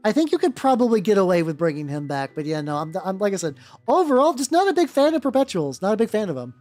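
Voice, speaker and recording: Her warm voice swings widely in pitch from a medium base, and she talks fast. As she paints on a relaxed livestream, this host rambles, swears freely and keeps restarting. Music plays faintly underneath.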